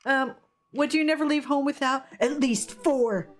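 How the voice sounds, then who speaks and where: Chatty woman streamer, fairly high voice. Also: normal speed, faint music behind. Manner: laughs often, reads chat aloud. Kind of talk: casual gameplay commentary.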